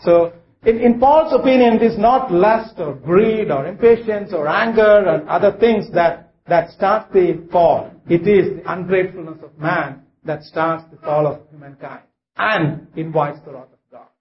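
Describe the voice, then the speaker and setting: A man preaching a sermon to a congregation, halting, with many fillers and restarts. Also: sits high, roomy sound, lo-fi sound, a little hiss or hum.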